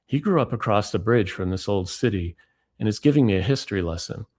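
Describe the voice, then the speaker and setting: A man giving a lecture as author and speaker, reading book excerpts in a measured, deliberate way. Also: on the low side, lively intonation, a little mellow, slightly rough.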